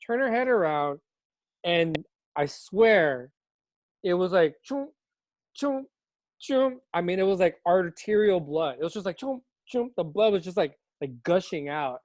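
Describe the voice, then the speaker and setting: A man who is a high school teacher co-hosting a casual unscripted chat, telling stories in an animated way and laughing often. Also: normal speed, no room sound.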